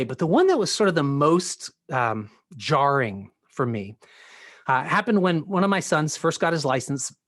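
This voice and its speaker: A man's voice: a little high, a bit bright, no echo. A man, a pastor, telling a personal story in a sermon with earnest, filler-laden storytelling and voiced quotes.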